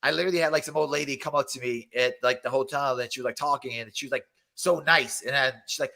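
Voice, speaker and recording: A man's voice: medium pitch, fast talker, creaky, hardly any pauses. A man in his thirties, a fighter guest on a podcast, telling stories in casual chat and acting out quotes. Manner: excited storytelling, acts out quotes.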